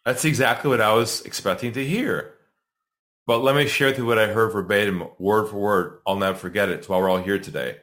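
A middle-aged man, a sales trainer and podcast guest, telling a story in an animated way and acting out quotes to build suspense. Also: on the low side, fairly quick.

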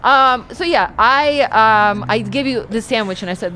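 A woman co-hosting a podcast, talking in a gushing, animated way. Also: a little high, moderate pace, few pauses, a little hiss or hum. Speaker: podcast co-host. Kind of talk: casual podcast chat.

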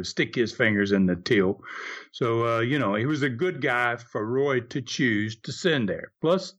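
A man's voice: medium pitch, fairly bright tone, highs cut off. Older man chuckling through old stories. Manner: chuckling anecdotal storytelling with acted quotes. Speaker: interview guest. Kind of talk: storytelling interview.

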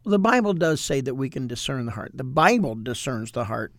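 A male minister talks in an animated, preachy manner during a casual discussion about ministry, emphatically quoting scripture. His voice is medium-pitched and fairly quick, captured in studio quality with no echo.

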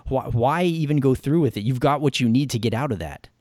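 A man's voice: medium pitch, fairly quick, a little mellow, dry recording, clean studio sound. A man co-hosting a casual podcast, wry and laid-back as he picks apart a movie's plot. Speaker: podcast co-host. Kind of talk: casual movie-riff chat.

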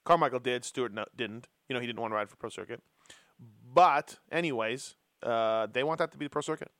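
A man hosts a casual racing podcast and keeps teasing his co-hosts. His voice is mid-pitched. The sound is dry and close. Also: a little fast, a bit bright, no room sound. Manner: joking, teasing. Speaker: host.

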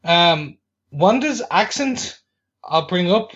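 A man's voice: high-pitched, animated, slow pace, fairly bright tone, highs cut off. A man from the UK co-hosting a podcast, chatting enthusiastically in a casual film review. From United Kingdom. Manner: enthusiastic, acts out reactions. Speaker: podcast co-host.

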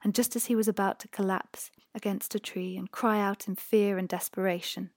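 A woman narrating a fairy tale in a hushed voice that often drops to a whisper. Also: mid-range voice, fairly even intonation, normal speed, dry recording, clean studio sound. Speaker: audiobook narrator. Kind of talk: storybook narration.

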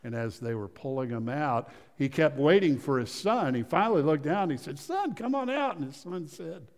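A man's voice: medium pitch, normal speed. Man preaching in an echoing church hall. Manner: swings between loud emphasis and hushed, quiet storytelling; repeats phrases and restarts mid-sentence. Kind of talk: sermon. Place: church sanctuary. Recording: long reverb of a church hall.

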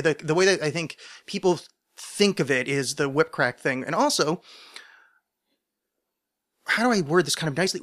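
A man's voice: fairly high pitch, sharp tone. A man hosting a podcast in a casual solo monologue, rambling and self-deprecating, with many restarts and asides. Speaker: podcast host.

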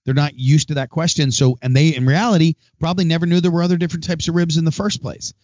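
A man's voice: fairly high pitch, steady tone, fast talker, a little mellow, no echo. Middle-aged male host, chatty and rambling, dry slightly dull recording. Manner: chatty, rambling, acts out phone calls. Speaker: podcast host and restaurant owner. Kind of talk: casual monologue.

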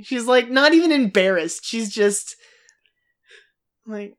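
Animated woman chatting about a film. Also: fairly high pitch, unhurried. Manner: animated, acts out quoted lines, laughs often. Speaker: podcast co-host. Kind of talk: casual film discussion.

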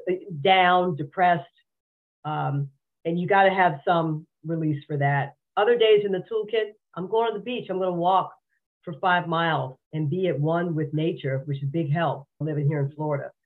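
Speaking in a low voice at a moderate pace, a woman tells her own story candidly and earnestly as a podcast interview guest. She repeats words often, and her audio comes through a tinny remote line that sounds like a phone.

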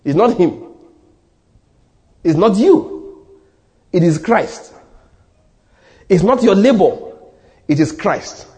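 A man's voice: high voice, expressive, slow pace, long pauses, mellow. A man with a Nigerian accent preaching a sermon as pastor, emphatic and repeating his key lines, sometimes dropping almost to a whisper.

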